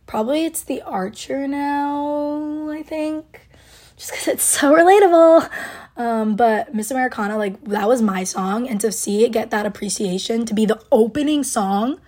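Gushing, husky young woman. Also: a little high, normal speed, a little mellow. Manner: gushing, rambling, lots of likes and ums. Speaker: podcast host. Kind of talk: casual fan chat.

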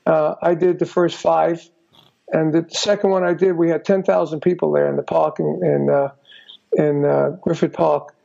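An older man tells stories in a rambling way, packing his talk with "you know". His voice sits high and is heavily gravelly with a mellow, dark tone. The recording sounds dull and lo-fi. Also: flat delivery, normal speed. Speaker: guest musician. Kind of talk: casual storytelling interview.

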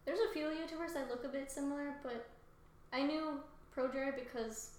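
A young woman co-hosting a podcast in casual chat, animated and joking, swearing freely. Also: high-pitched, normal speed, slight background noise. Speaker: podcast co-host. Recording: echoey room.

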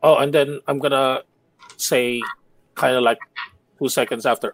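A man's voice: medium pitch, fairly even intonation, normal speed, pauses often, no room sound. A man playing a tabletop game, chatty and giggly as he describes what his character does. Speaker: player. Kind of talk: casual tabletop play.

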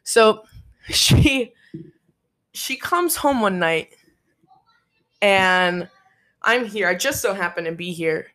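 A young woman tells a story in a casual chat, talking slowly at a medium pitch and pausing often. Her delivery is profane and animated, and she acts out what others said in their voices.

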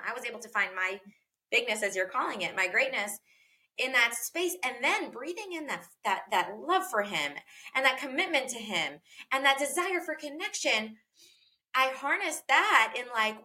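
A woman's voice: high voice, lively intonation, normal speed, bright, forceful tone. A woman speaking earnestly and reflectively in a casual podcast conversation about parenting, with frequent fillers and repeated phrases.

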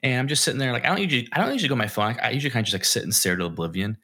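A young man co-hosting a casual podcast, telling a long anecdote with a bright, clear tone. His pitch swings widely as he acts out what people said, and he sounds loose and animated. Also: racing. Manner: animated storyteller, acts out quotes. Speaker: podcast co-host. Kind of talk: casual storytelling chat.

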